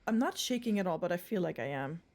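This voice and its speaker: A woman's voice: on the low side, lively intonation, fast talker, darkish tone. A young woman streaming a horror game live, rambling, swearing and screaming in fright, with a throat sore from screaming.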